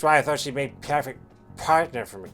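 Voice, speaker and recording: A man's voice: mid-range voice, lively intonation, fast talker, a bit bright, faint music behind, close to an everyday voice. A man voicing a drunk, brash female reporter, reading game dialogue aloud in a slurred put-on drunk voice. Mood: remorseful drunk.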